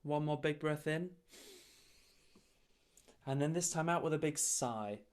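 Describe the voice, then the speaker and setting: Man calmly coaching breath work. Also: fairly high pitch, measured pace, clear, resonant tone. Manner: calm, encouraging step-by-step instructions. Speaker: choir leader. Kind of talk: guiding breathing warm-up. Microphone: video call.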